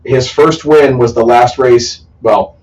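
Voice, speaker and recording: Joking co-host, mid-pitch man. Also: fairly even intonation, takes it slowly, a little mellow, far from the mic, low-quality recording. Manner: laughs often, interrupts and jokes. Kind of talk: casual sports banter.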